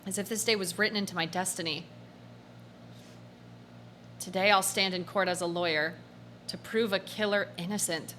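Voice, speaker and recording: A woman voicing a tired young male defense lawyer in a game, reading his thoughts softly and low. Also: fairly even intonation, normal speed, long pauses, a little hiss or hum, natural voice. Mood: brooding.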